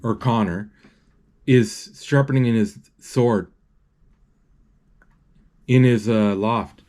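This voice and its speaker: A man's voice: medium pitch, dark tone. Guy narrating a movie as he watches, stops and restarts a lot, fixes his own words. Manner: halting, with many restarts and self-corrections. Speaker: movie recapper. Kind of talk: live retelling of a movie as he watches.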